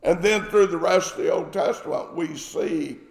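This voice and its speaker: A man's voice: a little high, moderate pace, creaky, darkish tone. A man preaching a sermon, emphatic and repeating his phrases for stress. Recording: echoey hall with long reverb.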